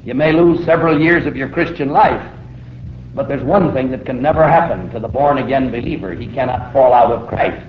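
A man's voice: mid-range voice, brisk. A middle-aged man preaching a sermon, telling a story vividly and acting out the voices in it. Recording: roomy, dull old recording with faint hiss.

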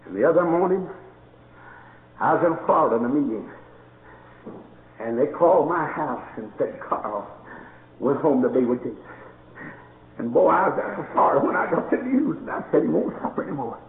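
High, lively shouting preacher. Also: male voice, moderate pace, pauses often, a little hiss or hum. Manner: storytelling, rising to shouted praise. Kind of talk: sermon. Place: church. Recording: echoey hall, tinny lo-fi sound.

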